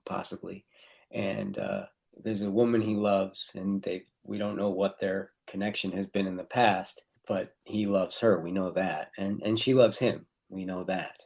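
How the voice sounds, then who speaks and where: A man co-hosting a podcast, talking over a short story in a relaxed chat and laughing often as he goes. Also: fairly low pitch, vocal fry. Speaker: podcast co-host. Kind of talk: casual literary discussion.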